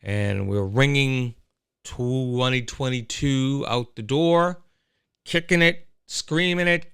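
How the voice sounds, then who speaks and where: A man's voice: mid-range voice, takes it slowly, clean tone, dry recording, clean studio sound. A man hosting a casual solo livestream, rambling and chatting straight to his listeners. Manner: animated, rambling, talks to listeners. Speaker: host.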